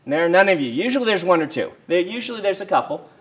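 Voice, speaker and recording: A man's voice: high voice, lively intonation, quick pace, very noisy. A man teaching a university writing class, casual and conversational, with frequent ums and restarts. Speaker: writing instructor. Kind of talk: university lecture. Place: lecture hall.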